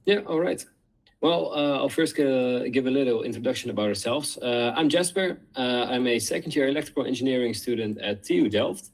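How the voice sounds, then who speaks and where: A man's voice: mid-range voice, brisk, low-quality recording. Young man presenting, full of fillers. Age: 20s. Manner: relaxed, filler-heavy, rambling. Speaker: guest presenter. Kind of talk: casual presentation.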